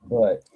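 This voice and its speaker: A man hosting a casual live toy chat, talking with animated, profane energy and frequent laughter. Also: poor audio. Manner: animated, profane, laughs a lot, slow drawl. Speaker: toy channel livestream host.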